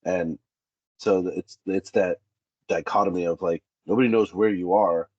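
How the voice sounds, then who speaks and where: A man with a very low, husky voice talks through job-site stories and acts out what people said. The sound is dry and a little muffled. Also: normal speed, dry recording. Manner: animated, acts out quoted dialogue. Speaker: safety specialist guest. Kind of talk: candid interview storytelling.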